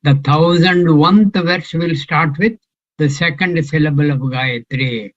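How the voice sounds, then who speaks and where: Slow-speaking older man teaching scripture. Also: on the high side, muffled recording. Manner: slow, musing, quizzes the class. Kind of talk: scripture class, question and answer.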